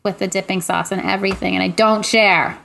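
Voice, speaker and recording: A woman co-hosting a podcast in casual chat, joking in a deadpan, drawn-out way. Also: mid-range voice, creaky. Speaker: podcast co-host.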